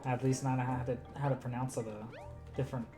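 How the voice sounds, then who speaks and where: Woman, game streamer, low voice, offhand casual chat, faint music behind. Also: flat delivery, fast talker. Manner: offhand, chatty, laughing at herself.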